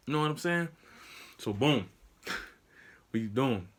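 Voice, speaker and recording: Young male vlogger, casual storytelling, lively voice, noisy recording. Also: moderate pace, pauses often. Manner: animated, acts out quotes with sudden high-pitched outbursts.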